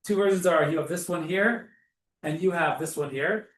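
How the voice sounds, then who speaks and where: A man's voice: a little high, moderate pace, a bit bright. A man teaching a Hebrew reading class over a video call, patiently sounding out syllables one at a time. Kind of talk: online class instruction.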